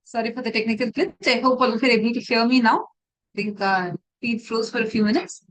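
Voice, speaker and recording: A woman with a high voice leads a spiritual class online. She tells a teaching story in an animated way, checking in with her listeners as she goes. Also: fast, low-quality recording. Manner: animated storytelling, asks the audience questions.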